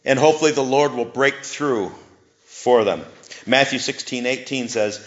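A man's voice: mid-range voice, normal speed. A man preaching with earnest conviction, his voice swelling into fervent emphasis at key points. He has a mid-range voice that rings through a roomy space, and the recording sounds a little dull. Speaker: pastor. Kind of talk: sermon and prayer.

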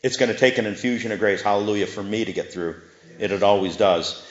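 A man's voice: fairly low pitch, fast talker. A man preaching with earnest conviction, his voice swelling into fervent emphasis at key points. He has a mid-range voice that rings through a roomy space, and the recording sounds a little dull. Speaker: pastor. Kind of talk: sermon and prayer.

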